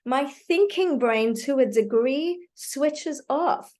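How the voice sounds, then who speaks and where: A woman speaking in an online parenting webinar over a video call, telling stories in an animated way and asking the audience questions. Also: sits high, takes it slowly.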